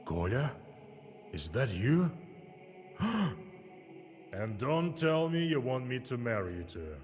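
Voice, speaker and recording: An actor voicing a stern, disapproving village priest in a video game, scolding and drawn out. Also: male voice, medium pitch, big pitch swings, slow, soft background music. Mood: startled.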